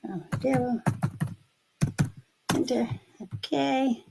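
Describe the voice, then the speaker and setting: A woman from Massachusetts with a Boston accent, co-hosting a casual live stream and murmuring quietly as she works. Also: high voice, very slow, gravelly, very noisy.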